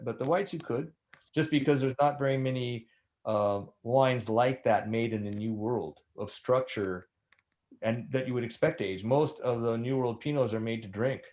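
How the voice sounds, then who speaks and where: An older man, a winemaker and master sommelier, telling rambling, animated stories in an interview. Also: medium pitch. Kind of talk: anecdotal interview storytelling.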